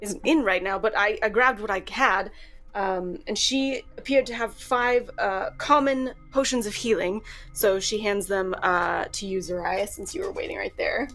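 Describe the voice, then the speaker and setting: A woman's voice: mid-range voice, normal speed, a bit bright, faint music behind. A woman narrating as game master in a chatty, laughing manner. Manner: chatty, laughing, with filler words.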